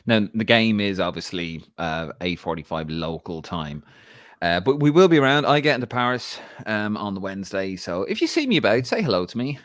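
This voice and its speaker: A man's voice: fairly low pitch, big pitch swings, fairly quick, a bit bright, no echo, studio quality. An Irish man co-hosting a live show, chatting and bantering in a cheeky, jokey way. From Ireland. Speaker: podcast co-host. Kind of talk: casual live show chat.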